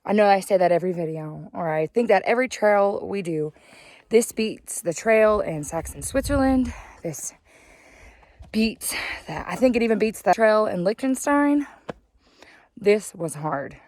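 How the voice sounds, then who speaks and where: A woman vlogging casually outdoors on a mountain trail, chatty and excitable, laughing often and at times out of breath, into a handheld camera. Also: mid-range voice, moderate pace, no echo. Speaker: travel vlogger. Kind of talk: casual hiking vlog.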